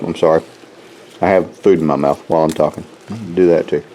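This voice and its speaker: A man's voice: low-pitched, fairly quick, dark tone, a little hiss or hum, poor audio. A man giving a folksy, rambling walk-through of his garden, often repeating words as he talks to viewers. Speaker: homestead vlogger. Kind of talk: casual walk-through chat. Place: outdoors in a garden.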